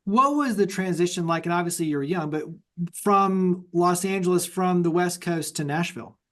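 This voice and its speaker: High-voiced man hosting a podcast. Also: normal speed, a bit bright. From Texas. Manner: loose, rambling questions with fillers. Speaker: podcast host. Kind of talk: podcast interview.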